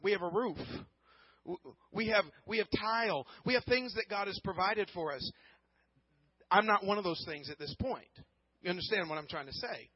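Male pastor preaching, high voice, husky, earnest storytelling, dry muffled sound. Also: normal speed, no echo. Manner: earnest storytelling, repeats words, swings from hushed to loud. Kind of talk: sermon.

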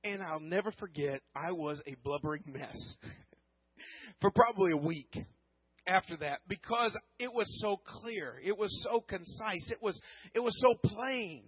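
A man preaching a sermon, telling a personal story earnestly, often repeating words and swinging from hushed to loud. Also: high voice, unhurried, breathy edge, no echo, lo-fi sound. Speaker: pastor.

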